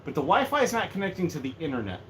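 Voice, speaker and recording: Animated, rambling male streamer. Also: a little high, very fast. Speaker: livestreamer. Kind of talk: casual livestream chat. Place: room at home. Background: faint heater hum.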